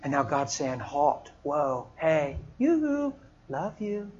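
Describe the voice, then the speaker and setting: A man preaching a sermon in a storytelling way, swinging from hushed, soft lines to loud, laughing outbursts. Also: on the high side, sing-song, takes it slowly, dull audio.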